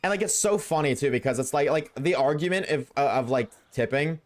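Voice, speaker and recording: A man's voice: fairly high pitch, animated, fairly quick, hardly any pauses, soft background music. A man streaming a game, ranting bluntly to his live chat and swearing freely. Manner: chats with viewers while playing. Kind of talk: casual rant to live chat.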